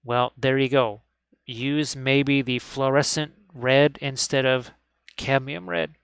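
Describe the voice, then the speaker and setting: Slow and creaky yet a bit bright, this man's mid-range voice holds fairly even intonation, recorded clean without room sound. He teaches miniature painting on a live stream from an indoor hobby desk, chatting upbeat and casually and frequently saying "look at this."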